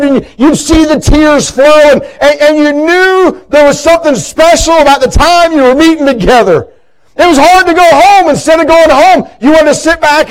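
A man's voice: extremely high pitch, rough recording. A middle-aged man preaching a sermon in a church, telling folksy stories with many stammered restarts. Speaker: pastor.

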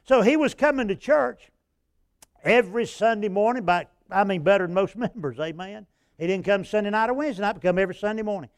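Older man, revival preacher, high-pitched, folksy storytelling, impassioned, dry close sound. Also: brisk, dry recording. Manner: folksy, rising to impassioned when recounting prayers. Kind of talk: sermon with personal storytelling.

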